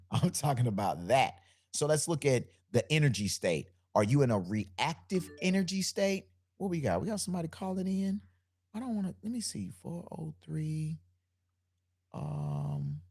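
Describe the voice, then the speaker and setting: A low-pitched man with a deep bass voice talks on his live podcast stream. He speaks in a loose, conversational way, giving spiritual motivational talk, repeating phrases and building on them. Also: a little mellow. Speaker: podcast host.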